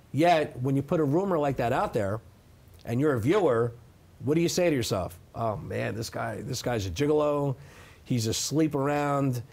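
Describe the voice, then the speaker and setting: A man's voice: mid-range voice, darkish tone. A man in his thirties answering interview questions in an emphatic, defensive way, often adding "okay?". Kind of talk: sit-down interview.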